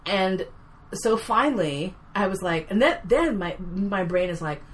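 Blunt, animated woman telling a story. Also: mid-range voice, a little slow, a little hiss or hum. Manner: animated and blunt, swears freely, swings loud when excited. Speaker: podcast guest, actor. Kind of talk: casual storytelling chat.

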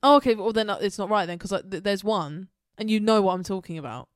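A woman co-hosting a podcast in a middle register. Her voice is smooth and clear, recorded close and dry. She talks casually and enthusiastically and swears freely. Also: medium pitch, fast talker, no room sound. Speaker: podcast co-host. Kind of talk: casual chat.

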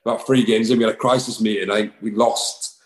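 A man's voice: lowish voice, fairly even intonation, fast, rough recording. A man, a rugby player chatting casually in an interview, rambling with lots of fillers and restarts. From England.

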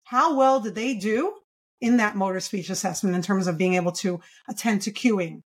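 On a podcast interview, a pediatric speech-language pathologist explains her work with energy and emphasis, throwing in rhetorical questions. She speaks in a mid-range voice at a moderate pace.

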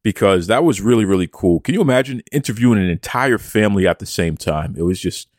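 A man's voice: on the low side, animated, quick pace, darkish tone, no echo, clean studio sound. A man hosting a podcast, reading out listener messages with playful mock bravado and talking about himself in the third person. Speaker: podcast host.

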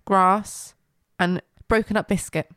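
A woman's voice: medium pitch, fairly even intonation, slow, a bit bright, no room sound, clean studio sound. A woman co-hosting a podcast in casual, wry, teasing chat, laughing often. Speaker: podcast co-host.

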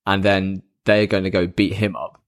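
A man with a fairly low voice, chatting on a podcast in a relaxed, enthusiastic way as he recaps scenes. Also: moderate pace. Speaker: podcast co-host. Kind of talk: casual chat.

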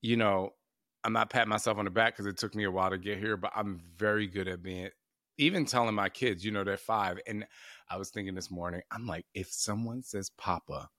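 A man's voice: lowish voice, fairly quick, bright, forceful tone, no room sound, studio quality. A man in his forties hosting a podcast, chatty and casual, laughing often and using many fillers. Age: 40s. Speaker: podcast host.

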